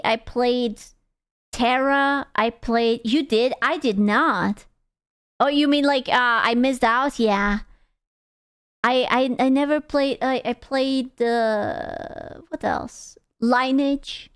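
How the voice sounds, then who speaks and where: A woman streamer rambles through her reactions with a playful, foul-mouthed ease. Her voice sits a little high and comes through smooth and resonant. The sound is dry and close. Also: no room sound. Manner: rambling, swears freely, playful. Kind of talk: casual reaction chat.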